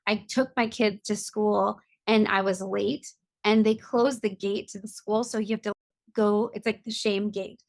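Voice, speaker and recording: Gravelly, earnest woman explaining. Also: mid-range voice, no room sound. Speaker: guest, compassion coach and author. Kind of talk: podcast interview.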